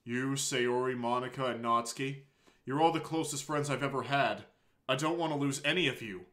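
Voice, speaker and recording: A shy, anguished teenage girl, read by a man in a tearful, halting confession, her lines a touch higher. The voice stays bright and tense as she pleads and breaks, read straight from a visual novel. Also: close to an everyday voice. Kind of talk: reading a visual novel aloud.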